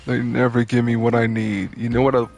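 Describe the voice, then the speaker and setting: A man's voice: mid-range voice, level tone, brisk, a little mellow, soft background music. A man ranting in exasperation over his gameplay, swearing and repeating his complaints. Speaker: gaming channel host. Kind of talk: frustrated gameplay commentary.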